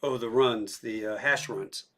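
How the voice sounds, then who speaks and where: Brief: male podcast host, middle pitch, casual, hesitant anecdote-teller. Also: unhurried, crowd noise. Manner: rambling anecdotes with hesitant fillers. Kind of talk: casual chat.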